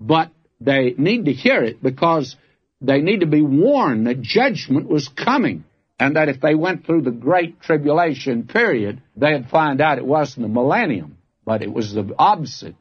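Older guy preaching through revelation, folksy, calls you friend, kinda raspy, muffled lo-fi tape. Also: mid-range voice, expressive, a little slow. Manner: folksy, earnest, addresses listeners as friends. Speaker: radio Bible teacher. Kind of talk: expository Bible teaching. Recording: dull lo-fi archival recording.

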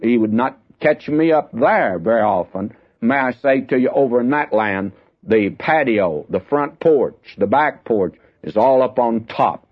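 A man's voice: mid-range voice, moderate pace, hardly any pauses. An older man giving folksy radio Bible teaching, lifting his voice when he reads the verses. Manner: folksy, reads scripture with raised emphasis. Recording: dull lo-fi radio broadcast.

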